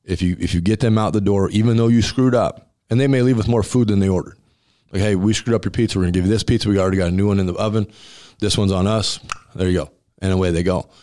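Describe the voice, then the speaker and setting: A man with a very low, deep voice tells stories in a relaxed interview. He talks bluntly and with emphasis, and he acts out the conversations he describes. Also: fast talker. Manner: emphatic and blunt, acting out dialogue with laughs. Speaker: restaurant owner and former college football center. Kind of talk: casual storytelling interview.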